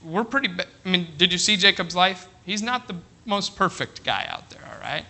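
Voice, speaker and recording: Middle-aged preacher, man, lively sermon delivery, very bright tone. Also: high-pitched, normal speed, creaky. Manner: animated preaching with frequent "all right?" check-ins. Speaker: pastor.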